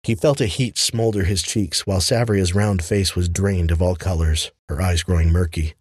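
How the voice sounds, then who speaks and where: Low, husky male fantasy narrator. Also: steady tone, normal speed, darkish tone, no room sound, clean studio sound. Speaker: audiobook narrator.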